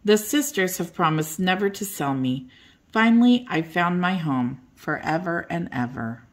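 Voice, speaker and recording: An older woman reading a children's bedtime story aloud in a gentle, expressive way. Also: fairly low pitch, unhurried.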